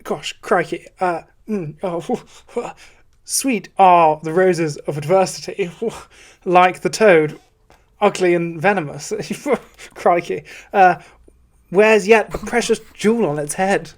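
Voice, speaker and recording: A man's voice: high-pitched, slow pace. A man doing an impression of a flustered, posh English film star who stammers and blurts out little exclamations.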